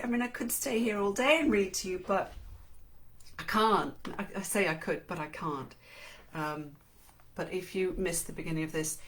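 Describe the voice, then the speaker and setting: A woman host reading a book's first chapter aloud on a live stream, then chatting with viewers. She talks in a chatty way and laughs easily. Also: on the low side.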